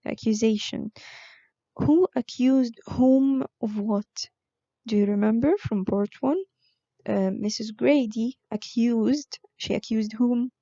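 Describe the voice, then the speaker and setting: A woman teaching an online vocabulary lesson, explaining words slowly with frequent fillers. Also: on the high side, dark tone, dry recording, highs cut off. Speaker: English teacher.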